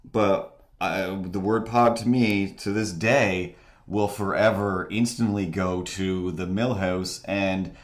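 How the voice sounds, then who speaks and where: Low-voiced man rambling on a stream. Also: fairly even intonation. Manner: rambling, halting, many restarts and fillers; mimics voices in quoted asides. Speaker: streamer and host. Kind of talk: casual rambling stream chat.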